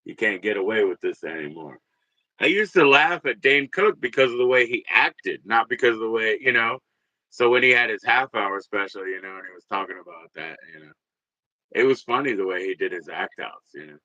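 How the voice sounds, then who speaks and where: A man in his forties hosting a livestream, rambling and swearing, jumping from loud bursts to mutters. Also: fairly low pitch, lively intonation, brisk, dry recording, dull audio. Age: 40s. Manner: rambling, profane, swings between loud and muttered. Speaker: livestream host. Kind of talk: casual livestream rant.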